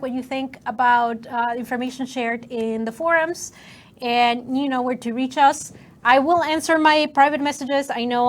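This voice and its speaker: A woman co-hosting a game stream in casual, upbeat chat. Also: high voice.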